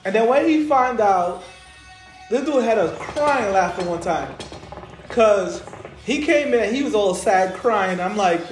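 Podcast co-host, male, blunt storyteller, animated delivery, roomy sound with faint music. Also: sits high, normal speed. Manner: blunt, crude, laughing storyteller. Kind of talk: casual chat.

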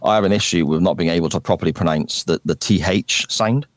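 A man's voice: low voice, a little hiss or hum. A man in his forties with a Gloucestershire English accent, chatting as a podcast guest. He says "f" for "th", restarts a lot and laughs at himself. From England. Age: 40s. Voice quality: pronounces "th" as "f". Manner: chatty, self-deprecating, quick to laugh, frequent restarts. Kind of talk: casual chat.

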